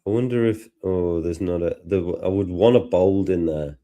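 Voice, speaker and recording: A man with a Liverpool accent presenting a live tutorial in a relaxed, self-deprecating way. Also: low voice, moderate pace. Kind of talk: casual live tutorial chat.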